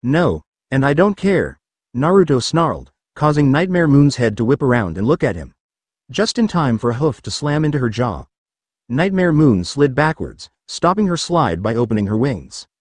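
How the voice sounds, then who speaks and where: A man reading a fan story aloud as scripted narration, with an expressive delivery. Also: medium pitch, normal speed, dry recording. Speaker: story reader.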